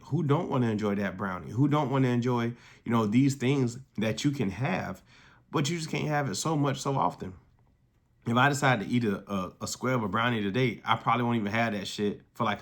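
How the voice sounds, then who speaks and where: A man talking casually to camera about his fitness journey, rambling and swearing freely. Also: fairly low pitch. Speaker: fitness coach vlogger.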